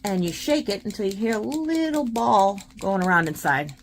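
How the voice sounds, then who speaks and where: A woman's voice: mid-range voice, expressive, normal speed, a little hiss or hum. A woman hosting a casual art tutorial, chatting and encouraging while she demonstrates paint pens.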